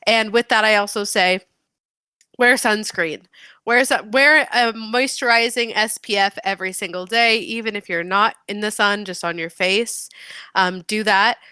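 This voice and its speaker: A young woman co-hosts a podcast in loose, swear-heavy chat and tells stories with lots of energy. Her voice is bright and crisp. The sound is dry and close, with almost no room behind it. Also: medium pitch, a little slow, no room sound. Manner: profane, animated storytelling. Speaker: podcast co-host. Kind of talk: casual chat.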